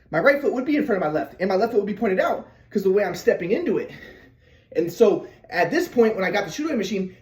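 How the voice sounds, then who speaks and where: High-voiced man recounting his basketball past. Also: darkish tone, reverberant. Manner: demonstrates footwork while talking, acts out his father's lines; stammering restarts, earnest. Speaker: former basketball player telling his story. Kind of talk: casual storytelling monologue.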